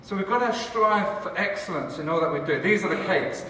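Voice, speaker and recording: A man, a church leader and cafe founder, giving a lively conference talk with jokes for the audience. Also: high-pitched, fairly quick, slight background noise. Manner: enthusiastic, joking, chatty with the audience. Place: large conference hall. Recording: echoey hall from far off.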